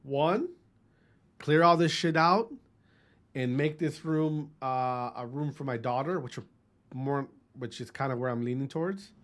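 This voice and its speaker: A Midwestern gaming streamer from Wisconsin, in his thirties, speaks unhurriedly at medium pitch. He chats casually with his live viewers, swearing as he goes and greeting them by name.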